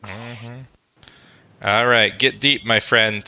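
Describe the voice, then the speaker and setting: Bright-voiced joking male podcast host. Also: lowish voice, moderate pace, no room sound. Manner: joking, rambling with many fillers. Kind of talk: casual sports podcast chat. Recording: dull lo-fi sound.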